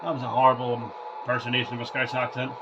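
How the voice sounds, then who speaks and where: A man's voice: medium pitch, completely flat delivery, fast, muffled recording, background noise. A man vlogging over gameplay in a rambling casual way, often stumbling and repeating words. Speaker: gaming vlogger.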